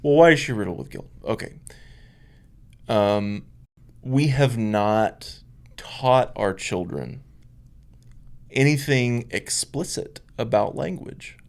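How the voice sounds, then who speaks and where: A man's voice: medium pitch, slow pace, creaky, pauses often, darkish tone. A man, a minister co-hosting a podcast, telling stories emphatically in casual chat. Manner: storytelling, emphatic, acts out quoted voices.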